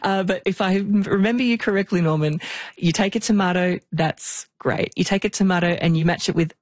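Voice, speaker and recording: A woman's voice: lowish voice, fairly quick, a little mellow, dry recording. A woman hosting a podcast, friendly and playful, asking questions and summing up answers. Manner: friendly, playful, asks and sums up. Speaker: podcast host. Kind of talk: conversational podcast interview.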